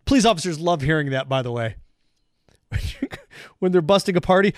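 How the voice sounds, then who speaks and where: A man hosting a sports talk show, ranting in a sarcastic, mocking way and jumping between loud outbursts and quiet asides. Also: high-pitched, fairly quick, no room sound, studio quality. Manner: sarcastic, mocking, animated rants.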